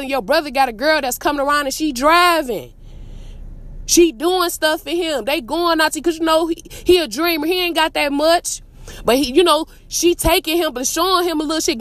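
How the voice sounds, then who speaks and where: High-pitched blunt profane woman. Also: no room sound. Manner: blunt, profane, preachy street talk; repeats phrases for emphasis. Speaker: podcast host. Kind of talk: casual monologue.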